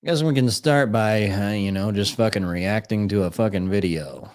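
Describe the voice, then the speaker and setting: A live-stream host reacts to videos and talks to viewers in a blunt, sarcastic manner, swearing casually throughout the commentary. His pitch is fairly low, his tone darkish, and his pace moderate.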